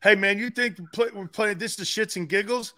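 A man co-hosting a casual sports talk show who talks bluntly and with profanity, dropping low and then barking out the words of coaches in his stories. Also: a little fast, sharp tone. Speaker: co-host, former football player.

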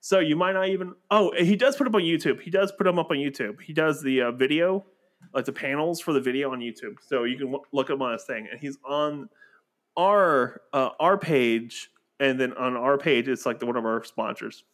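A man's voice: medium pitch, normal speed, a bit bright. Rambling man co-hosting a podcast. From Texas. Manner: rambling, self-correcting. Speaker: podcast co-host. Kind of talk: casual chat.

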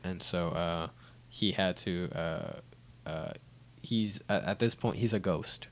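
A man's voice: low voice, slow. A man hosting a casual podcast chat, telling a rambling story full of fillers and tag questions. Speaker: podcast host.

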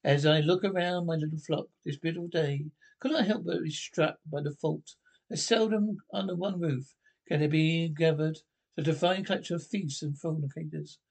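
A man's voice: on the high side, moderate pace, creaky. An actor playing an eighteenth-century village rector who scolds his congregation in a mock-righteous sermon, in a comic period film. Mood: scolding. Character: 18th-century village rector, stern preaching man.

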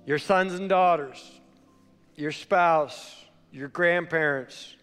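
A male pastor preaching a sermon, telling a story with animated shifts between loud and quiet. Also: a little high, smooth. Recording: long hall reverb, faint music.

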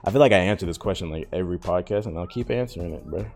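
Hosting a casual podcast, a man in his thirties rambles and vents with open emotion, cursing freely. His low, slightly mellow voice comes out rapid-fire over soft background music.

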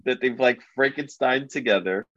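A man casually retelling a story as a podcast co-host, animated and loose, full of filler words. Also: medium pitch, normal speed, no room sound. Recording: dull lo-fi dry recording.

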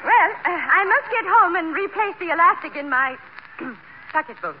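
An actress playing a prim, genteel society matron, speaking with refined, affected diction in a 1940s radio comedy. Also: female voice, very high voice, expressive, moderate pace, muffled recording. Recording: old radio recording with hiss.

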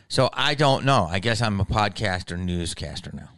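A man hosting a comedy podcast, delivering a profane, animated solo monologue and slipping into impressions. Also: sits low, normal speed, few pauses, no room sound. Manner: slips in impressions.

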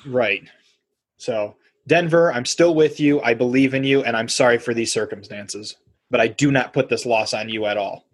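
A man's voice: mid-range voice, moderate pace. A man co-hosting a podcast, talking sports casually and animatedly, acting out quotes. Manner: animated, acts out quotes in voices. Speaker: podcast co-host.

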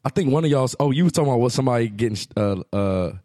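Podcast host, man, mid-pitched, dry close sound, animated storyteller. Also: rapid-fire, no echo. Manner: animated storyteller, acts out quoted dialogue. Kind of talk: casual chat.

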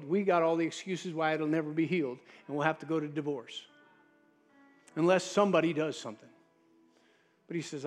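A man preaching a sermon as pastor, dropping to a soft low voice when he quotes Jesus. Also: a little fast, soft background music.

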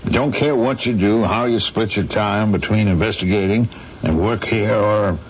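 A man plays a gruff middle-aged corporate boss, brisk and businesslike in a lowish voice. It comes through a muffled old radio broadcast with faint hiss. It is a vintage radio drama. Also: close to an everyday voice. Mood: concerned.

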